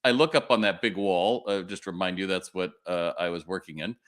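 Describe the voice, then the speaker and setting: An older man with a slightly low voice hosts a live webinar. He tells his stories in a chatty, animated way and acts out the people in them. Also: a little fast. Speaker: retail sales trainer and webinar host.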